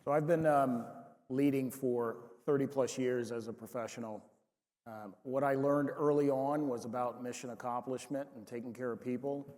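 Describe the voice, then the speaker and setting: A man moderating a conference panel, asking relaxed questions with many fillers. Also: mid-range voice, moderate pace. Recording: reverberant conference hall.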